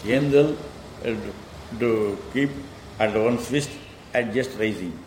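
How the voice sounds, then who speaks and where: A man's voice: fairly low pitch, darkish tone. Male poetry tutor, patient explainer who reels off verse, echoey room with a faint hiss. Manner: patient, explanatory, recites verse quickly in sing-song. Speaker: teacher of classical poetry. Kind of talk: explaining a poem line by line.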